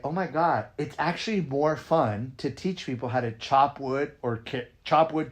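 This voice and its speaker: In casual conversation, a man who hosts a podcast and coaches dance comes across energetic and emphatic, swearing occasionally and often asking "right?". He speaks at a medium pitch.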